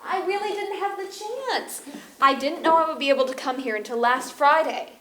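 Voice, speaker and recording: Woman acting as a bubbly aunt, high voice, echoey far-off room, faint noise. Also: moderate pace, fairly bright tone. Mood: excited. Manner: bubbly, enthusiastic. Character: lively young aunt, a proud teacher.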